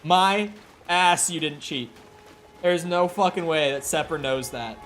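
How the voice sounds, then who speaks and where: A man's voice: on the high side, unhurried, fairly bright tone. A man chatting casually with viewers during a live gaming stream, rambling and swearing freely. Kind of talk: casual live-stream chat while playing.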